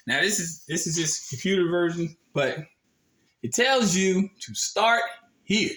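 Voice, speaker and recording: A man's voice: sits high, animated, a little slow, fairly bright tone, low-quality recording. A man casually explaining a form and reading it aloud, talking bluntly with emphatic rhetorical questions and some swearing. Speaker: video presenter.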